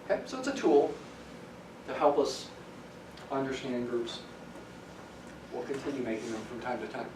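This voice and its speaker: A man's voice: medium pitch, lively intonation, moderate pace, pauses often. A male professor lecturing in a roomy classroom, his voice carrying from a distance with a faint hiss behind it. He explains patiently, leaning on the important words. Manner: explanatory, stresses key words. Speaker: math professor.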